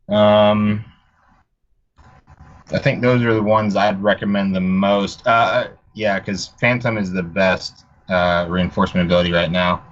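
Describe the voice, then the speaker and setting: A man's voice: fairly low pitch, lo-fi sound. A man giving game advice in a casual live Q&A, loose and hesitant, correcting himself as he goes. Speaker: panelist.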